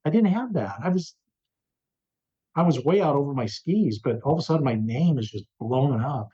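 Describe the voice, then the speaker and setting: A man's voice: mid-range voice, normal speed, slightly rough. Older guy radio host telling a wild story, does the voices, kinda muffled audio. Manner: animated anecdote telling, acts out quoted voices. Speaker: radio host, interview guest. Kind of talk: storytelling in an interview.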